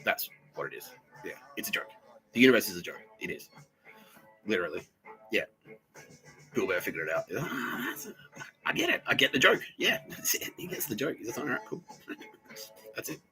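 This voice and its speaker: A solo podcast host rambles crudely and jokily, giggling often and talking to a listener who isn't there. His voice is fairly low but swoops wildly in pitch, a little fast with frequent pauses, bright and forceful. Soft background music plays, and the audio is poor.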